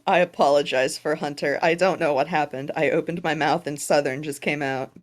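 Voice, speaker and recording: A woman's voice: deep voice, steady tone, a little fast. A woman game master chatting casually with players, laughing often and swearing freely. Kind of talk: casual chat after a tabletop game.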